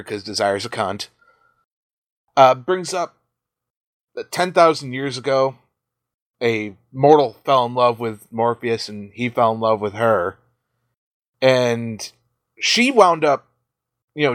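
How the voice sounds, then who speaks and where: A man's voice: mid-range voice, a bit bright, dry recording. A man hosts a podcast and retells a story in a loose, profane way. He often breaks into laughs and asides. The recording is close and dry, with no room sound. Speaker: podcast host. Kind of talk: casual chat retelling a story.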